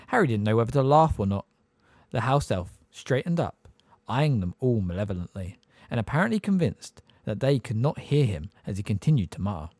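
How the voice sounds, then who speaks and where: A man narrating an audiobook with expressive storytelling. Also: mid-range voice, fairly quick, no room sound, clean studio sound. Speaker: audiobook reader.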